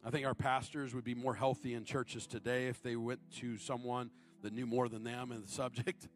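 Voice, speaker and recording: A man in his thirties delivers a sermon. His voice climbs into loud, high appeals, then drops low and close for personal stories. Faint music plays underneath. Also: level tone, moderate pace. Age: 30s. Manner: swings from shouted high appeals to low confiding storytelling. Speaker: guest preacher.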